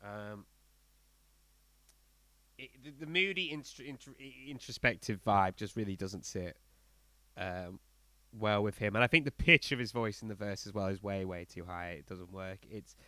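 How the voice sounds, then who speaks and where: A man with a smooth, clean voice chats about music on a podcast, animated and blunt, tripping over his words with fillers and restarts. The sound is close and dry, with no room around it. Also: on the low side, normal speed, dry recording. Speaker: podcast co-host. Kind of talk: casual album review chat.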